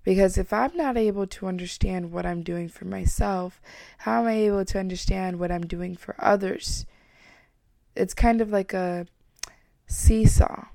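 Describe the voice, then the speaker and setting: A woman's voice: medium pitch, moderate pace, gravelly, mellow, no room sound. A woman hosting a spoken self-help talk, earnest and personal, who repeats phrases for emphasis. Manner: earnest, reflective, openly personal. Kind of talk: motivational self-help monologue.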